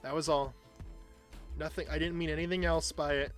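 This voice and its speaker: A man's voice: fairly high pitch, little pitch movement, moderate pace, soft background music. Chatty man streaming, rambling on. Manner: chatty, rambling, self-deprecating. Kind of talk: casual chat while gaming.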